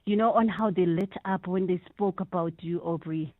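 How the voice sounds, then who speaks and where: A woman's voice: lowish voice, moderate pace, no room sound. A South African woman calling into a radio show, talking effusively and mixing in Sesotho phrases. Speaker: caller. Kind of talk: radio call-in tribute. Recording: tinny phone line, dry.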